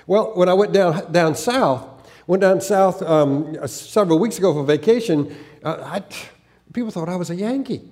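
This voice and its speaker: A man preaching a sermon in a voice pitched a little above most men's. He was raised in the American South, and a faded Southern accent still colours his speech. He talks earnestly and haltingly, with frequent restarts and repeated words. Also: a little mellow. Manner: earnest, with occasional laughter. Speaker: pastor.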